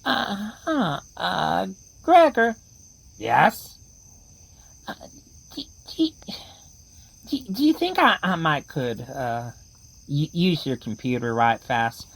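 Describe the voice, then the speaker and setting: A woman's voice: sits low, sing-song, slow, vocal fry, long pauses, breathy edge, full character voice, rough recording. A woman voicing a nervous, stammering male deputy with a drawl in a horror comedy radio play. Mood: sheepish. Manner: stammering, fretful, chatty.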